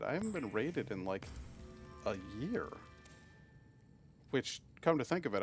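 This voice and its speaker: A man from Massachusetts streaming a game, chatting casually with his viewers and often stumbling over and restarting his sentences. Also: medium pitch. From Massachusetts, USA. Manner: chatty, often restarts and stammers, reads and answers chat. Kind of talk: casual live-stream chat while gaming.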